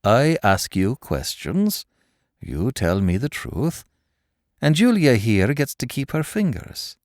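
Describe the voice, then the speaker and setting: A man voicing a cold, sadistic male interrogator who taunts his captives slowly and mockingly in an audiobook thriller. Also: mid-range voice, very animated, darkish tone, no room sound, studio quality, pitched above the performer's own voice. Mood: mocking cruelty. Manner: cold, mocking, slow and menacing.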